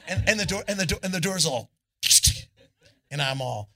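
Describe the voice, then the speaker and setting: A man's voice: fairly high pitch, brisk. A man, a rock musician guest on a live club stage, telling a rambling, profane story and acting out the people in it. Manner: animated, swearing, acts out the people in his story.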